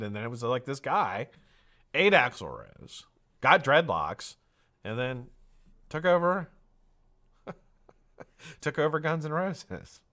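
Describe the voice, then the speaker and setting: Speaking at a measured pace with frequent pauses, this American man has a slightly high voice as he hosts a live stream in his home studio. He greets viewers by name in a loose, lively, chatty manner and keeps drifting between shout-outs and tangents.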